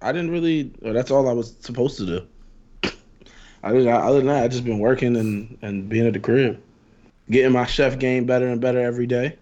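A man co-hosting a casual podcast, easygoing and quick to laugh. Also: mid-range voice, warm tone, lo-fi sound. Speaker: podcast co-host. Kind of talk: casual chat.

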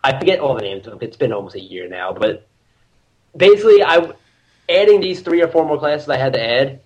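A man's voice: mid-range voice, big pitch swings, a little fast, darkish tone, low-quality recording. A young man, a podcast guest, chatting casually and swearing as he tells a story with laughs. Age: young adult. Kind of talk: casual chat.

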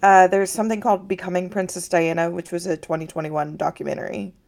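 A woman in a casual film chat who speaks in a quick, animated way. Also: fairly low pitch, creaky.

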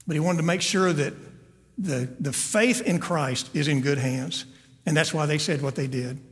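Speaking at a normal speed with a fairly high voice, a man preaches to his congregation as their pastor. He's earnest and often repeats words as he hunts for the next, and the sanctuary adds long hall reverb.

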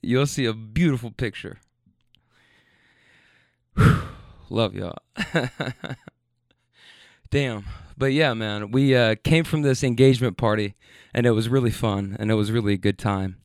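A man's voice: fairly low pitch, unhurried, long pauses, no echo, studio quality. A man hosting a late-night rambling monologue, loose and laughing, repeating himself and getting sentimental, a bit tipsy. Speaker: podcast host. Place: studio.

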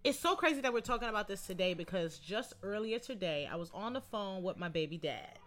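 A woman co-hosting a casual chat, telling a story with slangy, profane talk. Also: brisk. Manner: animated storyteller, quotes others in lowered voice. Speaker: podcast co-host.

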